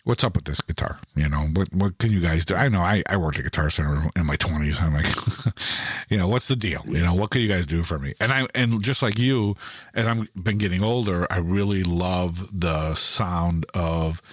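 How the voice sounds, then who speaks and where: A middle-aged man tells a rambling story in casual podcast chat, acting out what each person said. His voice sits very low. The sound is dry, with little room around it. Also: normal speed, no echo. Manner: animated storyteller who acts out both sides of conversations; loose, rambling delivery with many restarts.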